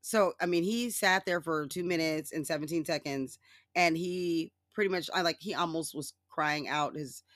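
In a casual solo political rant, a podcast host is sarcastic, profane and mocking, cursing freely and laughing at their own jokes. Their voice sits in a middle register, a bit bright at a moderate pace, and swoops high when mimicking others. The sound is close and dry, with no echo or room around it.

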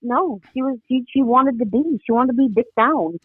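A woman's voice: a little high, normal speed, slightly rough, no echo, phone-quality sound. A woman co-hosting a podcast, chatting casually with short reactions and blunt comments. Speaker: podcast co-host.

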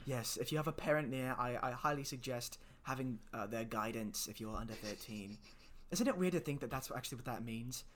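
A rambling American man co-hosting a comedy podcast from his bedroom, his talk full of ums and jokes at his own expense. His pitch sits in a middle range for a man. He sounds like he is chatting with a friend. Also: a little fast, few pauses, fairly bright tone. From United States. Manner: rambling, filler-heavy, self-deprecating. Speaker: podcast co-host. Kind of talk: casual comedy podcast chat.

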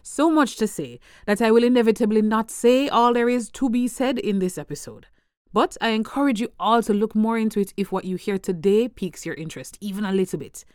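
A woman's voice: a little high, brisk, darkish tone, no echo, clean studio sound. A woman from Jamaica hosting a podcast, giving upbeat, conversational, scripted explanations. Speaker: podcast host.

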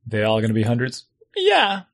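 A middle-aged man in casual chat, a parent venting about homework in an exasperated, animated way. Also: medium pitch, brisk.

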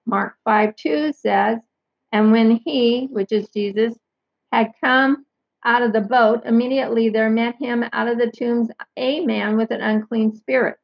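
A woman reading Bible passages aloud and commenting, carefully pausing to clarify who each pronoun means. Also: on the high side, steady tone, vocal fry, no echo. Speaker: Bible teacher. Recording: dull lo-fi sound.

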